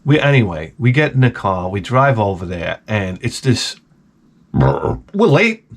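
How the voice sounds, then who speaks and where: A man's voice: lowish voice, normal speed. A man, telling a profane, rambling story in a casual vlog. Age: 40s. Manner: animated, profane, repeats himself. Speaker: vlogger.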